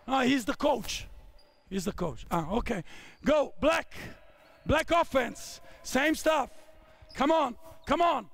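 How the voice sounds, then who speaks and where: A man's voice: extremely high pitch, sing-song, takes it slowly, gravelly, a bit bright. A man in his fifties from Italy with an Italian accent, coaching players through drills on a court with short barked commands. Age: 50s. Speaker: basketball coach. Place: indoor basketball court.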